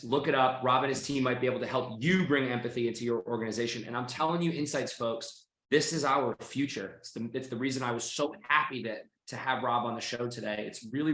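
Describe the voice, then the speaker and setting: A man's voice: mid-range voice, fairly even intonation, fairly quick, a bit bright. Boston guy hosting a podcast, gushing and chatty, lots of ums, sounds like a roomy space. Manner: effusive, friendly, filler-heavy. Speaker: podcast host. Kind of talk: casual interview chat. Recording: roomy echo.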